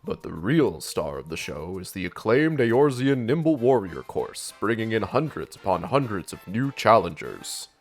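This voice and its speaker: A man voicing a male game recruiter in a deliberately deep voice, delivering a grand sales pitch. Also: sing-song, soft background music. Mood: promotional.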